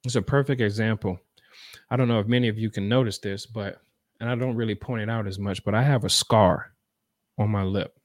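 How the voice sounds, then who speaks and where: A man's voice: on the low side, steady tone, a little fast, dry recording, studio quality. A man, earnestly telling a personal story in a conversational, repetitive way to make a motivational point.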